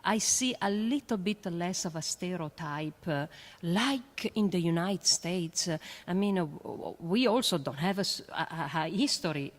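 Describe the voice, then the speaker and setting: A woman with an Italian accent, a native Italian speaker, speaking earnestly as a panelist and educator. She often pauses on "uh" and restarts her phrases. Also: fairly low pitch, animated. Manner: earnest, halting with many fillers. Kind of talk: panel discussion.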